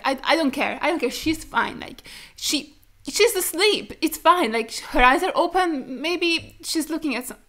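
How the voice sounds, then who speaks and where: High-voiced crying young woman. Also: fairly bright tone. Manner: distraught, pleading, swearing in disbelief. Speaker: reaction video host. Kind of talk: emotional reaction commentary.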